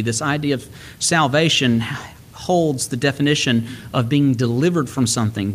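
A man delivers a sermon in an easy, conversational way. His voice sits at an ordinary pitch. He quotes scripture and tells stories from home, stretching some phrases and hurrying through others. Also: moderate pace. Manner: conversational preaching with Bible quotes and home anecdotes. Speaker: preacher.

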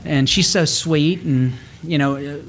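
A man preaching a sermon, reading scripture slowly and breaking into quick, folksy asides. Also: on the high side, a little hiss or hum. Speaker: pastor.

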